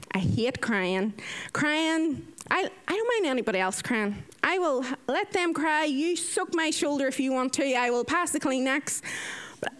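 A woman recounts her day as a nurse, her voice sitting a touch high. She tells it casually, acting out the lines she quotes from other people. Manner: lively, animated retelling with acted-out quotes. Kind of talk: casual storytelling.

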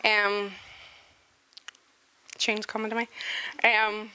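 A woman telling a funny personal story in an animated, chatty way, sharing a testimony. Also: mid-range voice, very slow, smooth. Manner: animated, chatty, full of fillers.

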